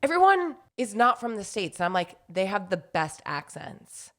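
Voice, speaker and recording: A woman's voice: medium pitch, very animated, moderate pace, a bit bright. Young woman co-host, casual and teasing, mid-range voice, laughs easily. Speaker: podcast co-host. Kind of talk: casual chat.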